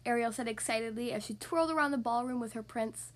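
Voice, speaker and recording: A woman hosting a podcast and reading a picture book aloud for young children, with expressive storytelling. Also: on the high side, brisk, few pauses. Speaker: podcast host and reader.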